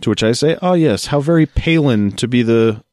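A man's voice: mid-range voice, lively intonation, a little fast, darkish tone, dry recording, studio quality. A man co-hosting a podcast, reading news excerpts aloud and joking about them with a co-host, often laughing. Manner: reads news excerpts then jokes and laughs. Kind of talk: casual podcast chat reading articles aloud.

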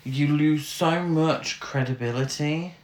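A man's voice: a little high, slow pace. A British man picks apart a film in casual, exasperated chat, swearing as he goes. A roomy echo hangs on his voice. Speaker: podcast co-host.

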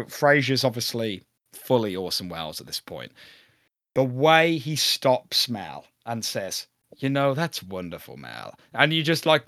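A man in casual podcast chat, lively and quick, tossing in asides and quoted lines. His voice sits at a middle pitch, recorded close with a dry sound and no room around it. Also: no room sound. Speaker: podcast co-host. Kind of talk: casual chat about a sitcom episode.

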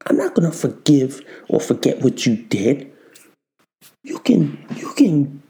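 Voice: medium pitch, very animated, unhurried, gravelly, a little mellow. A show host delivering an angry, profane political commentary monologue, repeating lines as they rant. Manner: profane, ranting, repetitive. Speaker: podcast host.

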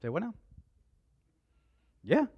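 A man preaches a sermon. He tells his story dramatically and acts out the dialogue. He raises his voice to shouts at the peaks. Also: high-pitched, huge pitch swings, slow pace, husky, no echo, lo-fi sound.

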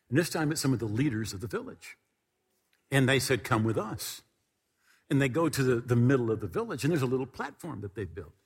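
A man preaching a sermon, retelling a story with lively quoted dialogue. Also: mid-range voice, slightly rough. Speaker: pastor. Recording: long hall reverb.

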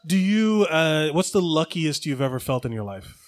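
A man's voice: fairly high pitch, big pitch swings, moderate pace. A man hosting a casual podcast chat, laid-back and asking the questions. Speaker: podcast host.

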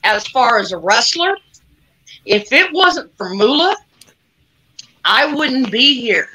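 Slow, bright-voiced outspoken woman guest. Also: on the high side, sing-song, rough recording. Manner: blunt and outspoken. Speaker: guest, retired wrestler. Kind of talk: casual interview chat.

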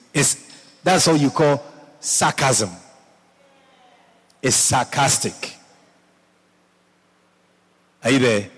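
A man's voice: mid-range voice, long reverb tail. A male pastor preaching a sermon, repeating phrases and often checking in with his congregation. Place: church.

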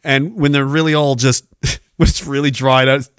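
A Canadian man in his forties, a podcast host telling wild stories in a profane, animated way, laughing often. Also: mid-range voice, moderate pace, clear, resonant tone, no echo, clean studio sound. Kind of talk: casual storytelling.

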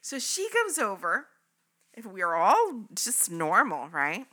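A woman's voice: medium pitch, takes it slowly. A woman podcast host telling a story in a casual, chatty way, often checking in with her listeners. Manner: animated, chatty, keeps checking in with "right?" and "okay?".

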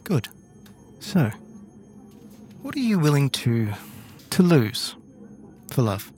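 A man voicing an elderly female crime matriarch who speaks quietly and condescendingly in a tabletop game. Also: medium pitch, big pitch swings, slow, faint music behind. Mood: cold menace.

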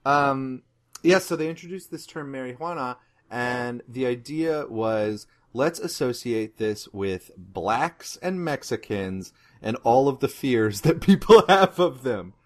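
A man's voice: mid-range voice, animated, slow. Rambling profane man telling history. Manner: rambling, profane, laughs often. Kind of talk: casual comedic history chat.

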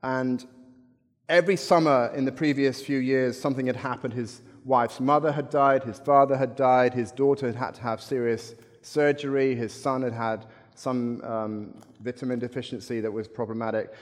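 Middle-aged guy giving a sermon, casual wry storytelling, mid pitch, lots of hall echo. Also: steady tone, moderate pace. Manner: conversational storytelling with wry asides. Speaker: preacher. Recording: long reverb in a hall.

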